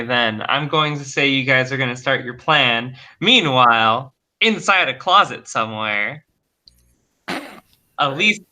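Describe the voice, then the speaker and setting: Slow, halting man narrating as game master. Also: mid-range voice, bright, forceful tone. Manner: halting, full of ums and restarts.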